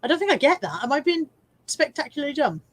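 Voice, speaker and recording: A woman's voice: sits high, big pitch swings, fast. An English woman hosting a casual live stream from home, chatting and teasing herself as she reads out viewer comments.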